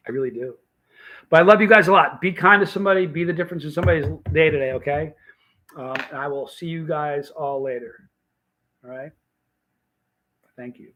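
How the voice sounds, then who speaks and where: A man's voice: a little high, a little fast, long pauses, a bit bright, rough recording. A man hosting a casual livestream, telling a story in a rambling, emphatic way and often restarting his sentences. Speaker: vlog host.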